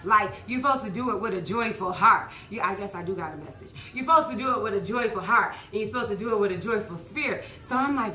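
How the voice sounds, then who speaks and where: A woman fitness instructor with a hoarse voice, chatting casually and upbeat to her viewers after a workout and drifting into preachy testimony. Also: mid-range voice, animated, fast, hardly any pauses, pushed and bright, echoey room, a little hiss or hum.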